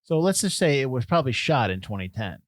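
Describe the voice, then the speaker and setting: A man's voice: mid-range voice, sing-song, no echo. Rambling man co-hosting a podcast, dry sound. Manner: rambling, self-interrupting, quick to laugh. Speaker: podcast co-host. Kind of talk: casual chat about a film.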